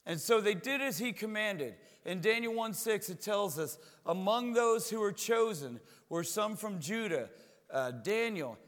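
A man's voice: sits high, a bit bright, big-room sound. A man preaching a sermon as a pastor, talking in a conversational way and often repeating words as he goes.

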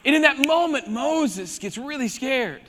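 A man preaching a sermon, retelling a Bible story with animated, jokey asides. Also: very high-pitched, unhurried, long reverb tail, slight background noise.

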